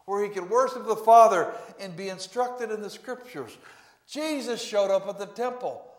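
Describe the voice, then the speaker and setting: Animated preaching man, echoey church. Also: high-pitched, moderate pace. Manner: emphatic preaching with sudden loud swells. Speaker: pastor. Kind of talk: sermon. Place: church sanctuary.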